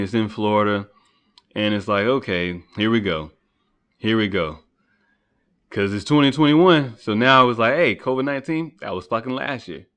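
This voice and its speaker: Recording on a computer setup, a man hosts a solo podcast in a lowish voice that's a bit bright and clean in tone. He rambles and rants with casual profanity, his voice climbing as he gets worked up.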